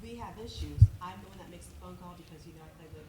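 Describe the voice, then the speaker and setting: A woman from the audience at a live panel, talking quickly and mimicking condescending voices. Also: fairly low pitch, reverberant. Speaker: audience member. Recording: distant with loud noise.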